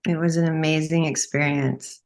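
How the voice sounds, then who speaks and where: A woman's voice: low voice, fairly even intonation, moderate pace. A woman working as a medium on a podcast, hesitantly passing along what she says she is being told. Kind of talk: conversational relaying of messages.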